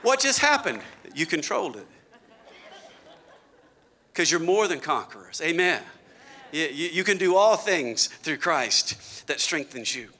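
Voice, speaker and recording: A male pastor preaching a sermon, swinging between loud bursts and hushed asides. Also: fairly high pitch, sing-song, measured pace, pauses often.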